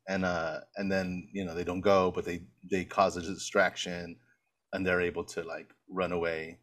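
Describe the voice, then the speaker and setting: A man with a somewhat low voice chats through a movie recap on a podcast. He rambles along and laughs often as he goes. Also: level tone, unhurried, fairly bright tone. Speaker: podcast co-host. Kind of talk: casual rewatch chat.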